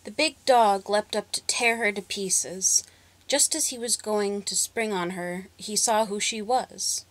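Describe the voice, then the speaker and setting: A woman storyteller narrating a folk tale with expressive, dramatic pacing. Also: medium pitch, a little slow.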